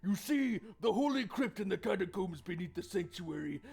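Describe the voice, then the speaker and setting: A man's voice: high-pitched, expressive, moderate pace, gravelly, darkish tone, breathy edge, heavily acted. A man voicing a solemn woman priestess of a sanctuary, formal and pleading in old-fashioned phrasing while reading game dialogue aloud.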